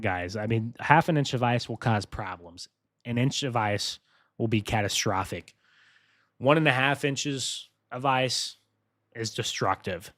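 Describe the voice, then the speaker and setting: A man hosting a live weather briefing, talking casually and excitedly to his viewers. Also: medium pitch, no echo, studio quality. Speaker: weather streamer.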